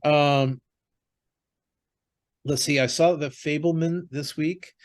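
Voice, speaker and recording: A man's voice: fairly high pitch, steady tone, slow. A man co-hosting a podcast, chatting casually about TV shows and movies, rambling with lots of fillers and restarts. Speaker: podcast co-host.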